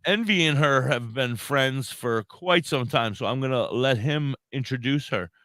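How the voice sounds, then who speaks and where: A man's voice: mid-range voice, moderate pace, pushed and bright, no room sound. A man co-hosting an online radio show, chatting casually and playfully with goofy sound effects and exclamations. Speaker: radio co-host.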